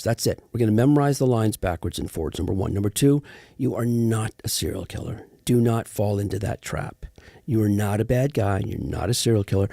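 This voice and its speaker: A man's voice: fairly low pitch, vocal fry, no echo, clean studio sound. A middle-aged man, an actor as guest, telling stories in a casual interview and acting out the people he quotes. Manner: animated storyteller, quotes others.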